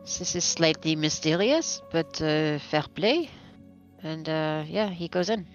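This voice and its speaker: A woman's voice: sits low, takes it slowly, highs cut off, faint music behind. A woman playing a tabletop game, talking casually and hesitantly with many fillers. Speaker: player.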